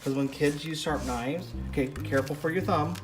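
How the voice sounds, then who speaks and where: A middle-aged man casually vlogging as he cooks in a home kitchen and gently coaches his young daughter with a knife, chatty and jokey. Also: fairly high pitch, moderate pace. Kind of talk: casual cooking ASMR vlog. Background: music and kitchen clatter of knives and pots.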